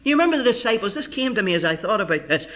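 A man preaching a sermon with fervent emphasis, slowing down for scripture and dropping into quiet asides to the congregation. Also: high voice, sing-song. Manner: emphatic, builds to fervent climaxes; drops to a quiet conversational aside.

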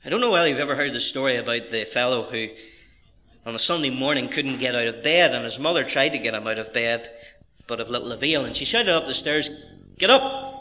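A man's voice: medium pitch, fast talker, sharp tone. A middle-aged man preaching a sermon as pastor, reading scripture and stressing key phrases with earnest, rising emphasis.

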